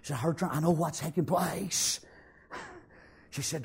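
Man preaching, husky voice, a bit high, shouts and whispers the story. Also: steady tone, normal speed. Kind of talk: sermon.

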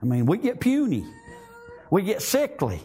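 A man's voice: sits high, wildly swooping pitch, moderate pace, mellow, slightly rough. A man preaching a sermon, fervent and full of repeated amens and praise Gods. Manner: fervent, repeats amen and praise God often.

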